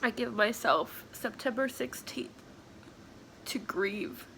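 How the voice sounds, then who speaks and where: A tearful, sniffling woman talking at home in a personal confessional vlog, halting and soft, slipping into whispers. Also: mid-range voice, gravelly, a little hiss or hum. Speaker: vlogger.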